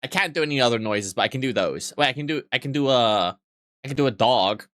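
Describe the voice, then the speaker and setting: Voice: mid-range voice, expressive, quick pace, fairly bright tone, dry recording, clean studio sound. A streamer chatting casually with viewers, rambling and self-mocking, with frequent swearing.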